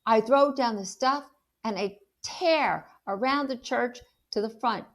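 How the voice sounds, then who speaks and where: A woman, a teacher, reading a children's novel aloud in an animated storytelling way and stopping to ask the listener questions about the story. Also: fairly high pitch, a little slow.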